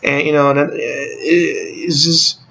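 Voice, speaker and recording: A man's voice: fairly high pitch, fairly even intonation, measured pace, creaky, pushed and bright, breathy edge, muffled recording. A man hosting his own channel, talking in a casual, rambling opinion vlog that is blunt, profane and dotted with sarcastic asides. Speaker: YouTube channel host.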